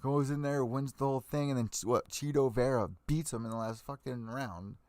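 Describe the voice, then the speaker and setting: A man's voice: medium pitch, steady tone, a little fast, a little mellow, dry recording. Profane ranting man on a dry mic. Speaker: MMA podcast host. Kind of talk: ranting live stream commentary.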